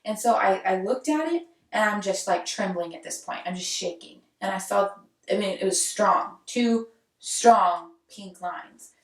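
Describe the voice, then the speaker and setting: A woman's voice: mid-range voice, unhurried, recorded from a distance. A young woman, telling her own story in a candid, conversational way. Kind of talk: personal storytelling. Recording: roomy echo, voice set back from mic.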